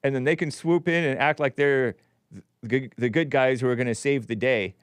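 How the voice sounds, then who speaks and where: A man's voice: mid-range voice, moderate pace, smooth, no room sound. A man hosting a call-in show, chatting casually and agreeably, chuckling often.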